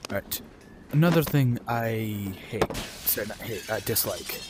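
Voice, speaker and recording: A man ranting casually and bluntly about food while playing a game, with quick asides and apologies. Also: fairly low pitch. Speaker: gameplay streamer. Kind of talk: casual rambling rant while gaming. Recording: noisy home recording.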